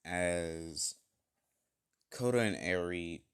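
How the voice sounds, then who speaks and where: A man's voice: low voice, expressive, very slow, smooth. A man casually retelling an improvised fan story, rambling with many fillers and self-corrections.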